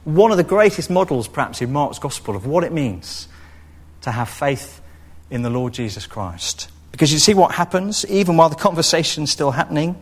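A man preaching a sermon, expressive and storytelling, now and then acting out what people in the story say. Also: a little high, moderate pace, breathy edge. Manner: expressive, acts out quoted voices.

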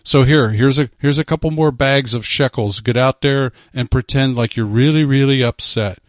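A man voicing a sly male serpent tempter in whispered role-play, hissing and whispery, low and coaxing. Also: normal speed, no echo, studio quality, natural voice. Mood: wheedling.

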